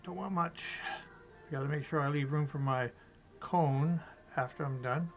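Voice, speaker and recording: A man demonstrating fly tying step by step, chatty and relaxed, talking to himself as he works. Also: a little high, a little slow, soft background music, rough recording. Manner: chatty, talks to himself while working, chuckles.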